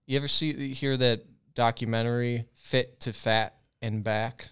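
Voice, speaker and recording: Young man, podcast co-host, casual swearing chat, smooth clear voice. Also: medium pitch, fairly even intonation, unhurried, a bit bright. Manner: loose, profane and rambling.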